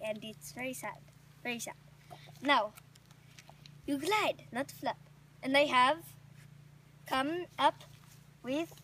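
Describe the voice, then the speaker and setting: A woman's voice: high voice, sharp tone, slight background noise. A woman playing an eager female flying squirrel teacher at a rodent school, sing-song and encouraging, repeating her praise in an amateur comedic role-play. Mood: coaching.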